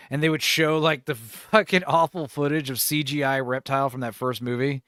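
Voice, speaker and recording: A man's voice: fairly high pitch, a little fast, few pauses, a bit bright, no echo. 40s guy hosting a pod, swears a lot, laughs a lot, dry close sound. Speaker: podcast host. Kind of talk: casual chat.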